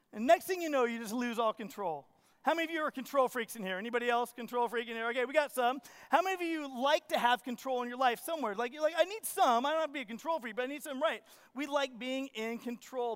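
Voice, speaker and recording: Male pastor, high tenor, animated storyteller who preaches straight to his congregation. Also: clean tone. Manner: animated storytelling, acts out his own panic; asks the congregation questions. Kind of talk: sermon. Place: church.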